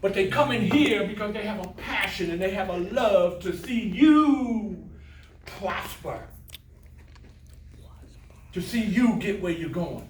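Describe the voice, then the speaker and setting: A man's voice: high voice, animated, slow pace, long pauses, reverberant, a little hiss or hum. Older male motivational speaker, storyteller with jokes, room sound from a distance. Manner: storytelling, plays voices in quotes, jokes with audience. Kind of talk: motivational talk with jokes and stories. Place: classroom of adult students.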